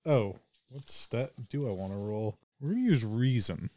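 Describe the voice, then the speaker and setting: A man's voice: fairly low pitch, lively intonation, normal speed, dark tone. A man playing a tabletop role-playing game, chatting casually about his rolls. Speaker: player.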